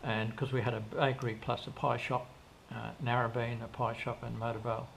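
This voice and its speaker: Gravelly older man telling stories. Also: mid-range voice, flat delivery, fairly quick, a bit bright. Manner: rambling, with frequent restarts and quoted dialogue. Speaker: interview guest. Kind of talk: casual storytelling in an interview. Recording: faint background noise.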